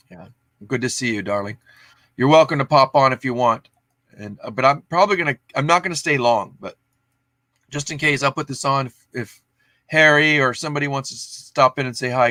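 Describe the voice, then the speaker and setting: A man's voice: mid-range voice, moderate pace, long pauses, bright, forceful tone, no room sound. A man hosting a casual livestream, chatting in a rambling, self-interrupting way. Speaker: livestream host.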